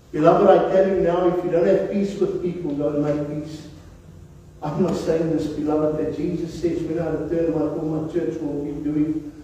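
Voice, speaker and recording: A man preaching in a high voice, dark and mellow in tone. He keeps calling the congregation beloved. The sound is dull, with long reverb from a large room and the voice far from the mic. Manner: preaching, repeatedly addressing listeners as beloved. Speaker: pastor. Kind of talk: sermon.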